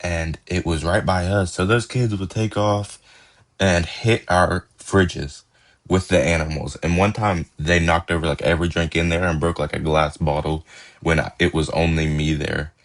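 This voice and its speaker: Deep-voiced young man telling stories. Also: fairly even intonation, moderate pace. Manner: laid-back, laughs while telling, slangy phrasing. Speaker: podcast host. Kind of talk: casual storytelling.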